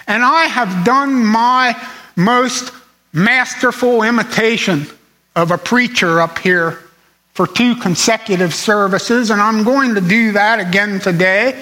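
A man's voice: high-pitched, unhurried, bright, forceful tone, rough recording. A man preaching a sermon to his congregation, earnest and emphatic, repeating phrases for stress.

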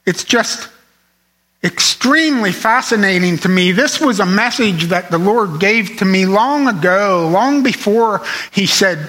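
Male preacher, slow deliberate sermon delivery, bright tone, emphatic repetition. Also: sits high, lively intonation, poor audio. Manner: earnest, emphatic, repeats phrases for stress.

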